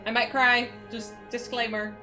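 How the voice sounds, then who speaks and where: A young woman streaming a game, excitable and emotional, chatting with her viewers and swearing now and then. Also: a little high, a little slow. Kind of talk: casual live-stream gaming chat. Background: game music.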